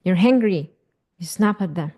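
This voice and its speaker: A woman's voice: lowish voice, lively intonation, normal speed, warm tone. A woman teaching a live parenting class, repeating herself for emphasis and putting questions to her listeners. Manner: repetitive, emphatic, asks audience questions. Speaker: parenting educator.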